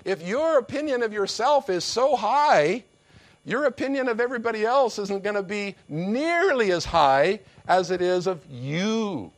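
High-voiced, slow-preaching man. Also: lively intonation. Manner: emphatic preaching with acted-out quotes. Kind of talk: sermon.

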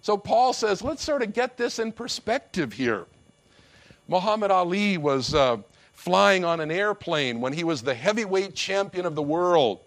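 A man's voice: high voice, animated, measured pace. A man preaching a sermon, emphatic, acting out the quotes he tells.

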